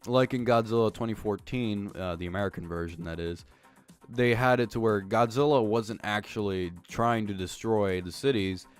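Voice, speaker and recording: A man's voice: on the low side, moderate pace, clean tone, soft background music. A man giving a casual, profane movie review, rambling and exasperated, with many fillers and restarts.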